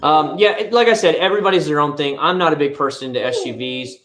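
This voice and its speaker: A man's voice: fairly high pitch, fast, crowd noise. Chatty man rambling on a live stream. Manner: rambling, chatty, answering chat. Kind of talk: casual live-stream chat. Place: home living room.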